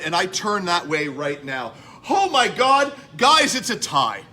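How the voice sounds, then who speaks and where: A man's voice: sits high, big pitch swings, measured pace, pushed and bright, faint music behind. A man hosting a comedy talk show, goofy and over the top. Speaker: host.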